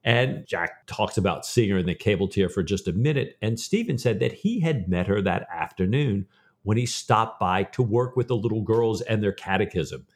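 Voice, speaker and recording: A man's voice: lowish voice, animated, normal speed. A man co-hosting a podcast who retells a book's plot casually, with a lot of fillers. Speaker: podcast co-host. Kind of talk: casual book discussion.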